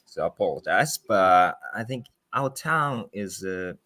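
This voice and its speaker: Male guest actor, hesitant English, very low and slow, bright tone, dry mic. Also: lively intonation. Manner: hesitant, careful, apologetic. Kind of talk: casual chat.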